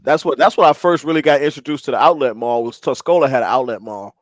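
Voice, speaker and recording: Podcast co-host: a Chicago-raised man with an animated, profane storytelling style, dry close mic. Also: medium pitch, fast, no room sound. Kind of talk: casual chat.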